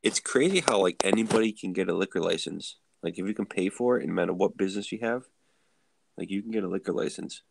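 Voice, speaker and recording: Man, deep voice, gravelly fry, casual chat, laid-back, says "like" a lot, dry sound. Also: fast, dry recording. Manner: laid-back, heavy use of "like". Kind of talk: casual chat on a live video show. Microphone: video call.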